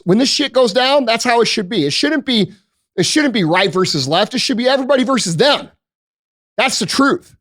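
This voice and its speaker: An American man with a high-set voice rants as a podcast host, profane and forceful, firing off one rhetorical question after another. The sound is dry and close, with no room around it. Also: expressive, fairly quick, no room sound. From United States. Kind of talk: ranting podcast monologue.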